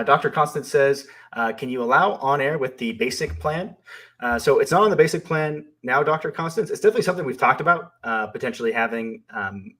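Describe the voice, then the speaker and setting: A man's voice: mid-range voice, fairly bright tone. A man co-hosting a live stream, reading viewer questions aloud and answering them in a thoughtful, hesitant way with many fillers. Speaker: co-host and company founder.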